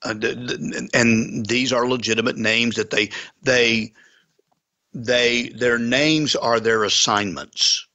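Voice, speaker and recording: A man's voice: mid-range voice, steady tone, takes it slowly, bright, forceful tone, muffled recording. A man, a pastor, earnestly telling a story in a conversation, with folksy sayings. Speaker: pastor and guest.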